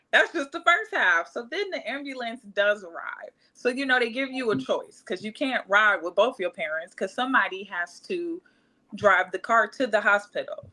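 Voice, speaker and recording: Young woman from Cleveland, bright tone, casual and animated storyteller. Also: mid-range voice, poor audio. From Cleveland, Ohio. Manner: animated, acts out quotes, laughs often. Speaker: podcast guest.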